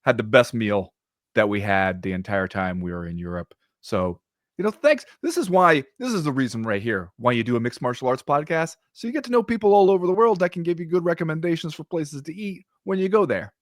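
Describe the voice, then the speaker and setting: Animated American man telling travel stories. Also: a little high, a little fast, dry recording, clean studio sound. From United States. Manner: animated storyteller, swears casually. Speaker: podcast co-host. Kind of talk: casual chat.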